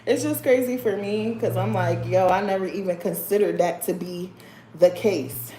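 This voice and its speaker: A young woman hosts a casual livestream chat, blunt and sassy, calling viewers sir or girl and laughing often. Her mid-range voice is warm and moderately paced, with slight background noise and a roomy echo.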